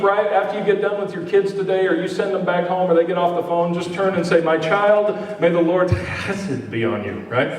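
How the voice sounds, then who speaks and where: A man's voice: high-pitched, slight background noise. A man preaching a sermon as pastor, talking in a loose, conversational way with joking asides to the congregation. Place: church sanctuary. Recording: echoey hall, mic at a distance.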